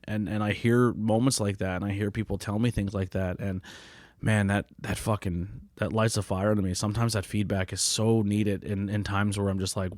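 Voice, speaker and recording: Podcast host, late 30s male, low voice, swears a lot, earnest and rambling, dry close mic. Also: little pitch movement, normal speed, no room sound. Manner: blunt, profane, heartfelt and rambling. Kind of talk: candid solo podcast monologue.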